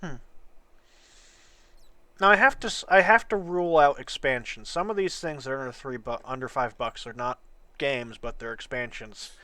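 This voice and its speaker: A man's voice: medium pitch, bright, forceful tone, no room sound. A man co-hosting a casual talk show over a call, blunt and sarcastic. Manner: blunt, sarcastic, quick to laugh.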